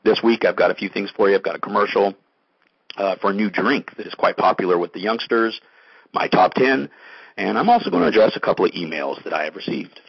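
A man hosting a comedy podcast, reading promos in a deadpan, brisk way. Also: on the low side, creaky, breathy edge, no room sound, lo-fi sound. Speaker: podcast host.

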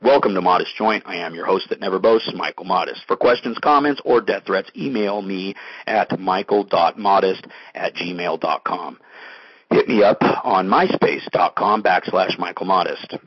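A man hosting a comedy podcast, reading promos in a deadpan, brisk way. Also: low-pitched, slightly rough, no room sound, highs cut off. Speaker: podcast host.

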